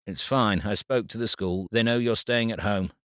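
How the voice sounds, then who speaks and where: A man's voice: fairly low pitch, normal speed, fairly bright tone, no room sound, studio quality, natural voice. A man as a groggy, tired father. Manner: sleepy, hesitant.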